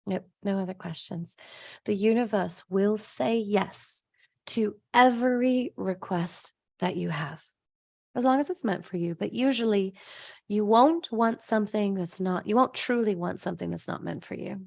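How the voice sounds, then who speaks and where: A woman's voice: medium pitch, moderate pace, vocal fry, dry recording. A woman hosting a live stream, chatting with viewers as she answers their comments, laughing often and acting out voices in her stories. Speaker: host of a live stream, abundance coach.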